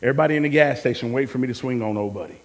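A man preaching a sermon as a pastor, telling stories and swinging from loud to hushed. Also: medium pitch, racing, in a large hall. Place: church sanctuary.

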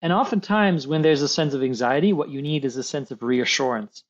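A man's voice: fairly high pitch, brisk. A man coaching over dull lo-fi audio. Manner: gentle, acts out quoted voices. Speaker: high-performance coach. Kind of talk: coaching conversation.

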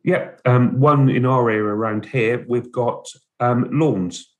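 A man's voice: medium pitch, slow pace, dull audio. An English man co-hosting a podcast, chatting casually in short, plain remarks with light laughs. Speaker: podcast co-host. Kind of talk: casual chat.

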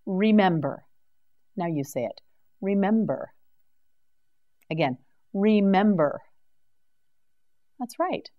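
A woman teaching English vocabulary in a slow scripted drill, enunciating each word clearly and patiently. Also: on the low side, darkish tone, dull audio.

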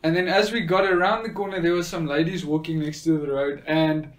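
A man tells a personal faith testimony in an earnest, sincere way. His voice sits a little higher than most men's, and he often pauses on soft fillers as he gathers his thoughts. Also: flat delivery. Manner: earnest, with frequent hesitant fillers. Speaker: speaker sharing a faith testimony.

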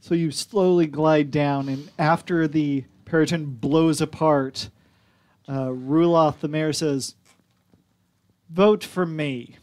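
A man running a tabletop game as game master, calmly giving rules calls and describing the action. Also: on the high side, slow pace.

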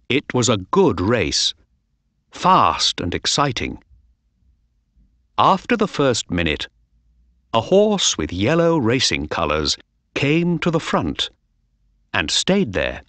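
A man reading a storybook aloud for learners, very slowly and clearly. His pitch moves widely and expressively, and the sound is close and dry. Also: dry recording. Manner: slow, clear, lively reading. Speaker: narrator. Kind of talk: slow storybook narration for learners.

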